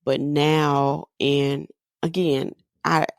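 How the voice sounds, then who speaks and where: A woman's voice: deep voice, flat delivery, extremely slow, no echo, studio quality. A woman in her thirties hosting a podcast, talking candidly in a loose, conversational way with lots of fillers. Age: 30s. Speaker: podcast host. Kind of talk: personal monologue.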